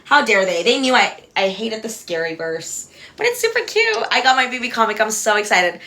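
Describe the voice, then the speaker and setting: A woman's voice: fairly high pitch, sing-song, fairly quick, bright, forceful tone. A young woman hosting a casual livestream from home, giggly, easily distracted and rambling between stories. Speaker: livestream host.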